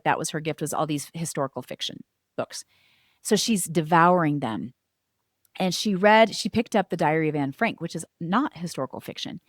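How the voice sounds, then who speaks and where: Middle-aged mom telling her homeschool story, animated, lowish voice, dry close sound. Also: dry recording. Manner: animated, acts out quoted voices. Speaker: guest, homeschooling mother. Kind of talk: storytelling in an interview.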